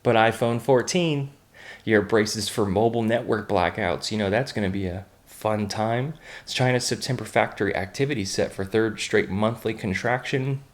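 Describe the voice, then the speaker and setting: A man's voice: on the low side, normal speed. A young American man hosting a daily online news roundup, reading headlines in a casual way and breaking in with blunt, offhand comments, fillers and restarts. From United States. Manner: reads headlines then adds blunt, offhand asides with frequent fillers and restarts.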